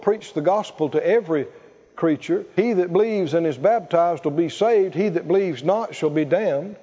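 A man's voice: high voice, warm tone, big-room sound. A man preaching a sermon, leading the congregation in call-and-response and laughing between points. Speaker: pastor. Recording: muffled church recording.

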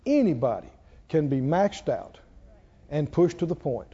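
A man preaching a sermon with passion, swinging from quiet low passages to loud peaks. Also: very animated, measured pace, husky. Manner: impassioned, rising to loud peaks and dropping low. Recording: dull lo-fi sound.

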